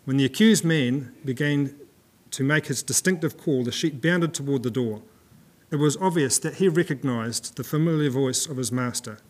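A man's voice: mid-range voice, normal speed. Man preaching a conversational sermon. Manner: conversational, with fillers and restarts. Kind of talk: sermon with scripture reading. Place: church.

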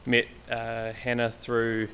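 A medium-pitched man speaks slowly in a monotone with a sharp edge, and a little hiss or hum sits under the recording. He is a guest lay preacher from Canterbury, New Zealand, giving a hesitant, informal church talk that keeps restarting amid ums. The stage mic loses him at times as he moves away.

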